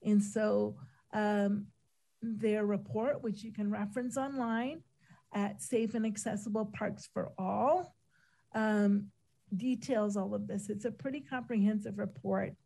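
A woman giving a measured, methodical presentation to a council as a city disability office official, with frequent ums and uhs, while she is losing her voice. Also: medium pitch, fairly even intonation, vocal fry, dark tone, rough recording.

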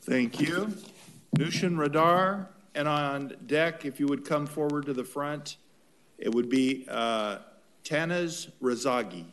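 A man chairing a council meeting, calling speakers up in a halting, procedural way. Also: a little high, a bit bright.

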